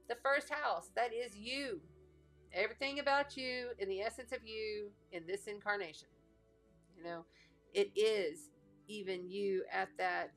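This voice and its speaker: A woman's voice: medium pitch, fairly bright tone. A woman with a Texas twang talks viewers through a card reading in a casual, chatty way. She sounds encouraging and drops playful asides as she goes. Faint music plays in the background. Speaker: astrologer and card reader.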